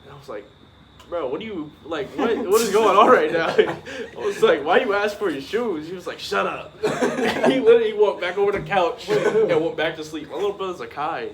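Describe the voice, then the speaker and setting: A man's voice: high voice, brisk, over a noisy crowd. Laughing slangy man telling stories. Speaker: channel co-host. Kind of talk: casual storytelling chat. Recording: noisy background.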